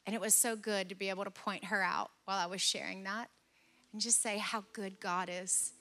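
Animated, bright-voiced woman pastor preaching. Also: mid-range voice, fairly quick. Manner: animated, acts out dialogue in stories. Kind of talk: sermon with personal storytelling. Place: church service.

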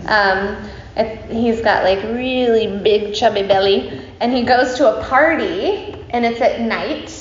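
Woman teacher telling a story to her group, chatty, lots of "um" and "right?", kinda high voice, echoey room, faint hiss. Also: slow. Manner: chatty, playful, with frequent fillers and asides to listeners. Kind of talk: casual spoken storytelling. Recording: roomy, slightly dull recording with faint hiss.

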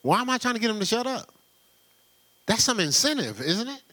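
A man preaching a sermon in a loose, conversational way, full of rhetorical questions and quick laughs. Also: very high-pitched, big pitch swings, bright, forceful tone. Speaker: pastor.

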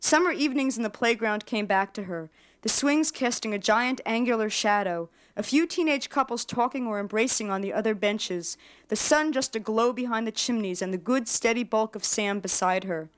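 A woman writer giving a measured literary reading of her own fiction. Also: a little high.

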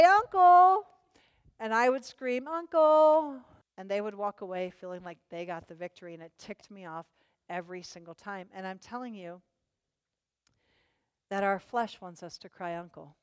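Woman preacher, higher voice, smooth and resonant, passionate sermon, long hall reverb. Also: studio quality. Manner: impassioned preaching, swinging from loud to hushed.

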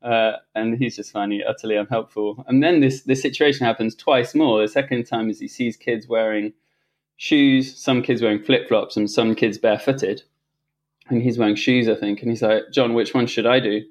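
A man, a podcast guest, telling a personal story in casual conversation, animated and reflective, often restarting his sentences and laughing. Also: mid-range voice, normal speed.

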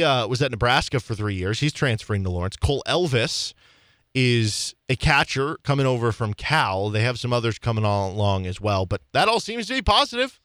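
A man's voice: mid-range voice, a bit bright, no room sound, clean studio sound. A young man hosting a sports talk radio show, telling stories in a chatty, self-deprecating way with frequent laughs. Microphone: studio microphone.

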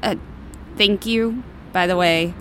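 A woman voicing a nervous, evasive female demon who is a mother in an audio drama, speaking in a hesitant, halting way. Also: mid-range voice, a bit bright, slight background noise.

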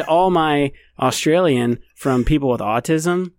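A man's voice: medium pitch, a little fast, gravelly, dry recording. A man talking bluntly and with lots of profanity in a casual podcast chat. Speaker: podcast co-host.

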